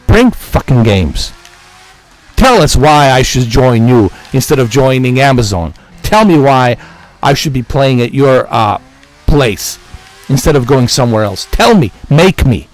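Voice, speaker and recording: A man ranting heatedly as a gaming vlogger, swearing often and repeating his points in exasperation. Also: mid-range voice. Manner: profane, repetitive, exasperated. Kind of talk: heated rant to camera.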